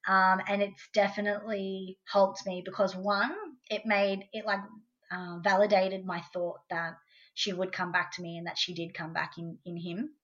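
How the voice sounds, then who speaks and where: An Australian woman speaks as a guest, recounting events in a relaxed, chatty way and acting out the lines of the people in her story. Her pitch sits in a middling range. The recording sounds a little dull and lo-fi. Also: moderate pace. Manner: conversational storytelling, quotes her son in a lively voice. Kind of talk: casual interview.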